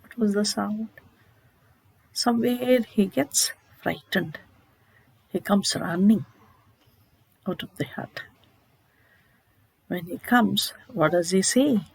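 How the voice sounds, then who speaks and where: A woman's voice: mid-range voice, slow pace, creaky, long pauses, a little mellow, slightly rough, no echo, rough recording. A woman teacher retelling a short story in a literature lesson, asking herself questions and checking in with "okay?". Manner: explanatory, asks rhetorical questions, checks with "okay?".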